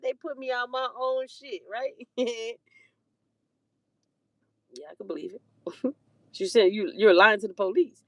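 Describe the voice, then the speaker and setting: A woman's voice: fairly high pitch, fairly bright tone, dry recording. A woman telling a story in a casual, profane rant, swearing heavily and laughing between heated lines.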